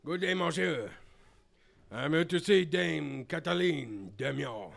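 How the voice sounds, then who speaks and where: A streamer voicing a pompous, self-important bird lawyer in a low declaiming put-on voice while playing a story game. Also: expressive, takes it slowly, vocal fry, heavily acted.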